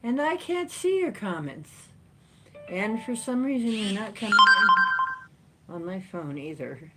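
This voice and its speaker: A woman chats her way through a casual livestream from her chair at home. She talks slowly and rambles, laughing often and swooping her pitch up for playful asides. Her voice sits at an ordinary middle height. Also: animated, heavy background noise. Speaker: livestream host. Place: at home, sitting in a chair with a cat.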